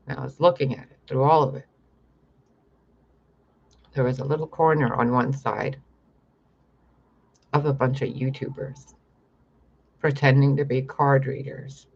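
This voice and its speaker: A young man with a gravelly, husky voice talks straight to camera in a long, rambling monologue, swearing freely as he goes. The recording sounds dull and lo-fi. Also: mid-range voice. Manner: profane, rambling. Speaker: spiritual vlogger.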